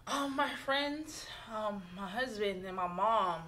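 A woman's voice: medium pitch, expressive, bright, forceful tone, slight background noise. A woman, a business owner speaking in a casual, heartfelt interview chat in long run-on phrases. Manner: heartfelt, talks fast in loose run-on phrases.

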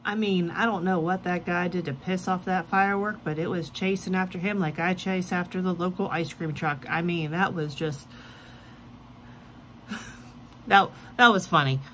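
A woman's voice: on the low side, steady tone, normal speed, a bit bright, a little hiss or hum, rough recording. A woman hosting a casual reaction video, chatty and joking, giggling often. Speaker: video host.

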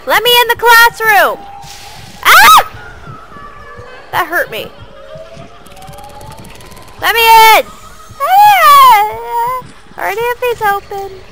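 A woman giving loud, profane gameplay commentary, yelling at her character. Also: very high-pitched, slight background noise, poor audio. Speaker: let's play gamer.

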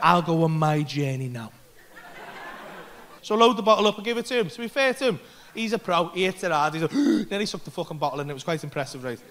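Man, stand-up comedian, high-pitched, excitable, sweary. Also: very fast, a little hiss or hum. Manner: swearing, animated, laughs while telling. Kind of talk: stand-up storytelling. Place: comedy club stage.

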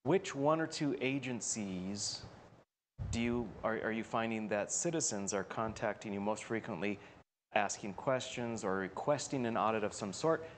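A man's voice: fairly low pitch, normal speed, a little hiss or hum. A man co-hosting a talk show, asking probing, conversational questions of a guest. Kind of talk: radio talk show interview.

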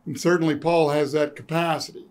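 A man preaching a sermon in a church, with a slightly raised pitch. He talks in a conversational way and slips dry, self-deprecating jokes in among the scripture. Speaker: pastor. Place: church sanctuary.

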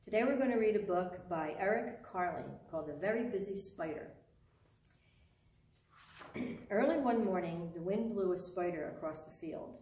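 A woman reading a picture book aloud for a children's storytime, expressive and asking her young listeners questions along the way. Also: lowish voice, moderate pace, long pauses. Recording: roomy sound from a distant mic.

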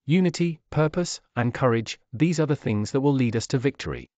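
A man voicing a dying old orc chieftain who croaks weakly with labored breathing. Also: mid-range voice, very animated, fast talker, warm tone, dry recording, lightly acted.

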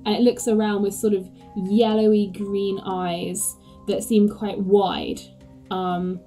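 A woman's voice: medium pitch, warm tone, low-quality recording. A woman game master narrating a tabletop game, describing scenes hesitantly with many fillers.

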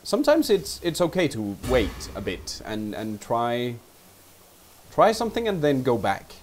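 A man commentating his own strategy game, getting excited and talking to his units. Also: medium pitch. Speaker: let's play streamer.

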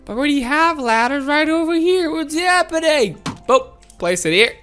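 A woman giving excited gameplay commentary, gasping and laughing as she talks to her viewers. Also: high voice, normal speed, soft background music. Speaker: gameplay video host.

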